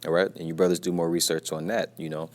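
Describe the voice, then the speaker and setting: A man's voice: deep voice, flat delivery, fast. A man teaching a casual scripture lesson from his workplace, repeating himself and tagging his lines with "you see" and "man", and keeping his voice down at times. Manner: repetitive, peppers talk with "man" and "you see"; speaks quietly at times, mindful of being at work.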